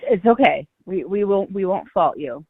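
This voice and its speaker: A woman's voice: mid-range voice, animated, slightly rough, dry recording. Joking woman host on phone-like audio. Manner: chatty and joking, quick laughs. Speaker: channel host. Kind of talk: casual chat.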